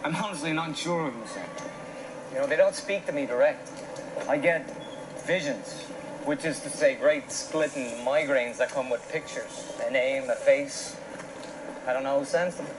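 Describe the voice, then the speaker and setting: A man's voice: medium pitch, moderate pace, background noise, natural voice. An actor with an Irish accent playing a wry, rambling half-human man who gets visions, in a TV drama. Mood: earnest. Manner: chatty, offhand and rambling. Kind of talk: TV drama acting. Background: show soundtrack music.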